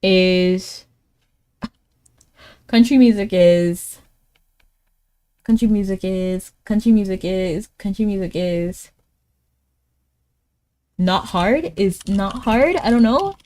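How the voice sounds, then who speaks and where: A woman's voice: takes it slowly, pauses often. Chatty streamer woman thinking aloud. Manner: chatty, thinks aloud, laughs often, sudden excited pitch jumps. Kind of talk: casual live-stream chat while playing a word game.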